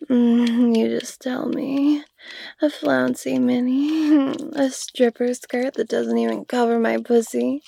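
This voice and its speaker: A woman playing a breathy, pleading young student. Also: sits high, dark tone, a little hiss or hum, full character voice.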